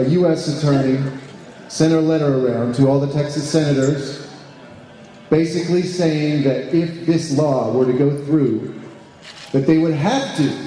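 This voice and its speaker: A man with a fairly high, mellow voice speaks before a live audience as an advocacy group's deputy director. The large room echoes with roomy hall reverb and faint background noise, and his speech is filled with fillers, restarts and frequent questions for the crowd.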